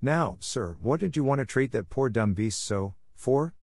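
A fussy older aunt with a scolding, exasperated voice, raised in pitch and sometimes loud, as a man puts her on in a storybook reading. The sound is close and dry. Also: expressive, unhurried, no echo.

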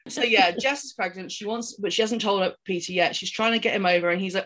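A woman's voice: mid-range voice, fast, a bit bright. A woman co-hosting a podcast, casually retelling a film's plot in a rambling way, with many ums and restarts. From outside the United States. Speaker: podcast co-host. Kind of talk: casual film-recap chat.

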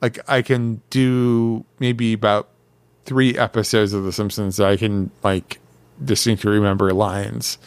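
A man co-hosting a casual podcast, teasing his partner and halting often with fillers. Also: on the low side, level tone, clean tone, no room sound. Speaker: podcast co-host.

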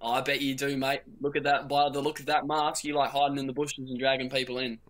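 A man's voice: mid-range voice, little pitch movement, quick pace, fairly bright tone. A man, a video chat stranger, laid-back and teasing.

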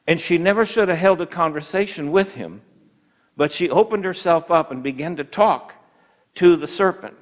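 A man delivers a sermon with an emphatic, building delivery. His voice sits a bit higher than most men's. He stretches out key phrases and slips into quick mimicry of other voices. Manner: emphatic, slows for key points, acts out voices of tempters. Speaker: preacher.

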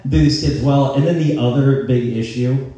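A man with a mellow, dark-toned voice rambles and jokes about himself, cursing freely in a casual podcast chat. He sits well back from the mic in a room with heavy echo, so his voice sounds distant and boomy. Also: moderate pace. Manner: profane, self-mocking, joking. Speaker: podcast host.

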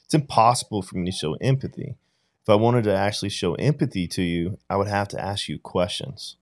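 A man's voice: fairly low pitch, a little fast. A man in casual podcast conversation, telling a reflective story and often checking in with "right?". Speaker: podcast guest or co-host.

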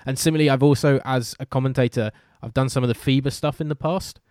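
Chatty British commentator, dry sound. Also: male voice, mid-range voice, steady tone, fast talker, a little mellow, no room sound. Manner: chatty, self-deprecating, many fillers and restarts. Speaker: host and sports commentator. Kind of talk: casual podcast chat.

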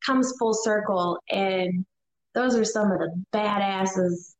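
A woman's voice: medium pitch, slow, echoey room, low-quality recording. A woman guest on a casual chat show, speaking earnestly and from the heart. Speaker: guest, cannabis grower.

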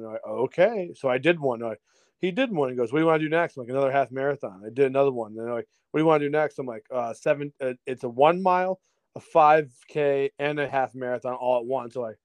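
A man telling a story in a casual chat as a podcast guest, lively, acting out other people's lines and laughing often. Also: medium pitch, smooth, no room sound. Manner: animated storyteller, acts out voices, laughs often, swears.

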